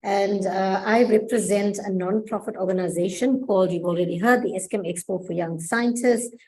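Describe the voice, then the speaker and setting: A woman's voice: mid-range voice, steady tone, normal speed, darkish tone, poor audio. A South African woman giving a conference presentation as a provincial coordinator, earnest, asking the audience rhetorical questions.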